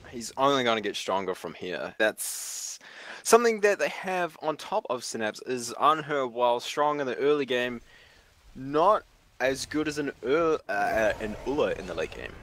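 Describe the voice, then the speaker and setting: A man's voice: medium pitch, big pitch swings, normal speed, fairly bright tone. A man with a New Zealand accent doing play-by-play esports commentary, exclaiming at big plays.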